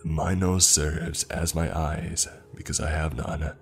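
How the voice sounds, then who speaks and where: A man voicing a huge, cruel, ancient man-eating forest creature in a storytelling narration, with a dark and gruff voice and a menacing, gloating manner. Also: extremely low pitch, little pitch movement, slow pace, soft background music.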